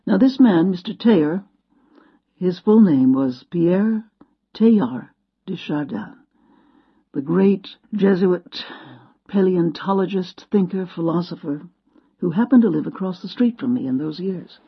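A woman giving an inspirational storytelling talk, expressive and dramatic, acting out her quotes. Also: on the low side, measured pace, slightly rough. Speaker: speaker. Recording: dull lo-fi sound.

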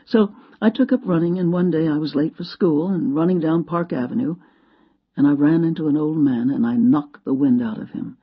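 A woman giving an inspirational storytelling talk, expressive and dramatic, acting out her quotes. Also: low voice, normal speed, breathy edge. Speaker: speaker. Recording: dull lo-fi sound.

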